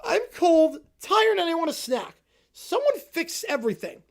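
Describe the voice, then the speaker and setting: A man's voice: very high voice, sing-song, normal speed, vocal fry, pitched above the performer's own voice, full character voice. A man voicing a whiny, bratty little kid who complains about everything and sounds close to tears. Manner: whining, complaining, near tears.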